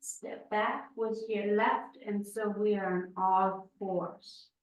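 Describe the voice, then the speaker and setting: Slow, calm woman guiding a yoga class. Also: mid-range voice, far from the mic. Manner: slow, calm spoken cues. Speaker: yoga instructor. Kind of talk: guided yoga class instruction. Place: yoga studio. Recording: echoey room, voice from afar.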